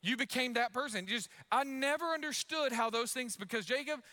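Loud, energetic high-voiced preacher man. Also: fairly quick. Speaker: pastor. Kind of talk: sermon.

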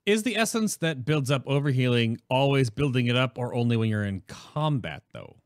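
A man's voice: mid-range voice, lively intonation, normal speed, no echo, studio quality. A man hosting a casual chat, asking long questions while thinking aloud.

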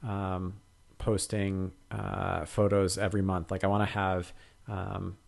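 A man with a lowish voice co-hosts a podcast in easygoing conversation. He talks haltingly, stopping and restarting his sentences and leaning on lots of fillers. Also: flat delivery, gravelly. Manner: hesitant, many fillers and restarts. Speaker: podcast co-host. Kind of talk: casual chat.

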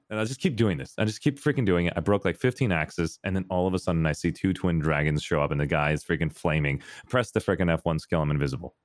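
A man in casual podcast chat, telling stories with lively jumps into a high voice when acting out scenes. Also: quick pace, hardly any pauses, no room sound. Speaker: podcast co-host.

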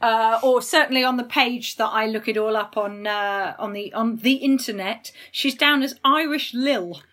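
A woman co-hosting a casual chat, enthusiastic and quick to chime in. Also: fairly high pitch, bright, forceful tone. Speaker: podcast co-host.

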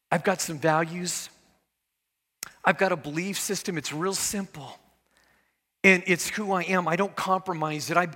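A man's voice: high voice, bright, forceful tone. A middle-aged man preaching a sermon as pastor, earnest and conversational, with casual asides. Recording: echoey hall with long reverb.

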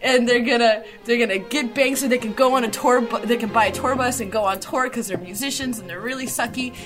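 A woman's voice: fairly high pitch, fairly quick, music in the background. Rambling, swearing young woman. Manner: rambling, swearing, self-interrupting, giggly. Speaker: podcast co-host. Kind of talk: casual chat, film recap.

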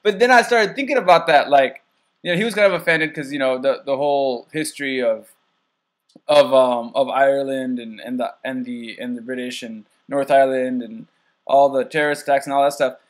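A man talks in a halting way, restarting often as he tells his stories. His pitch is middling, and he swears freely. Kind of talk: casual conversation.

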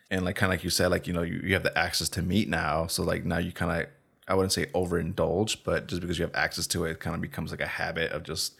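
A man in a casual interview, relaxed and hedging, with many fillers. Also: deep voice, gravelly.

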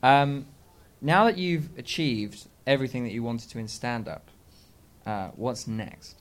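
A man's voice: medium pitch, unhurried. A man co-hosting a comedy podcast in casual chat, hesitant and often laughing. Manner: hesitant, laughing, full of fillers. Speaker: podcast co-host.

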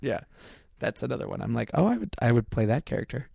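A man's voice: mid-range voice, very animated, fast talker, creaky, mellow, no room sound. A man in casual chat, rambling enthusiastically and acting out his own thoughts as quotes.

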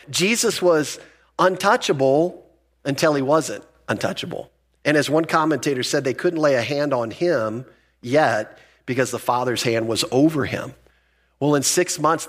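A male pastor giving a sermon in a conversational, emphatic way. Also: medium pitch.

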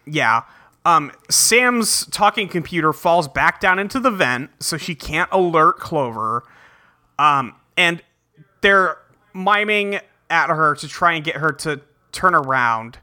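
A man's voice: a little high, expressive, slow pace, bright, forceful tone. A man co-hosting a podcast, chatting casually as he recaps a cartoon's plot with plenty of fillers. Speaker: podcast co-host.

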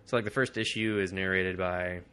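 A man's voice: low voice, flat delivery, a little fast, sharp tone, clean tone. A young man co-hosting a comics podcast, chatting casually, swearing freely and laughing often as he retells stories. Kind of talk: casual profane chat.

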